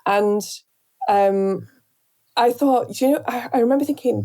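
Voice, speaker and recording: A woman from Northern England with a softened Northern accent, talking reflectively in an interview, searching for words with many pauses and restarts. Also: fairly high pitch. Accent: Northern English, softened. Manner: thoughtful, hesitant, many fillers and restarts. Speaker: radio presenter, guest.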